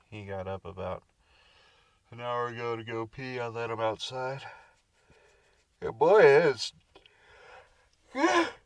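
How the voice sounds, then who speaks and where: A man's voice: fairly low pitch, vocal fry, fairly bright tone, dry recording, far from the mic. A man casually chatting in a camping vlog from his truck camper at night, rambling and laid-back, now and then talking baby-talk to his dog. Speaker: camping vlogger.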